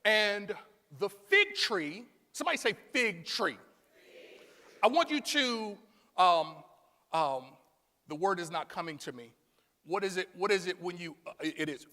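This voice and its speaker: A man preaching a sermon as pastor, calling on the congregation to answer back and building up to shouts. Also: sits high, animated, a little slow, pauses often, long reverb tail. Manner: call-and-response preaching, rising to shouts. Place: church sanctuary.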